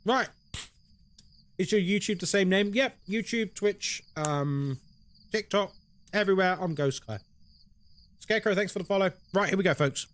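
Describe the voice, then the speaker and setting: A young man from Britain streams horror games and chats casually, reading messages out and answering them with animation. His voice is high-pitched and unhurried, with long pauses, in a British English accent.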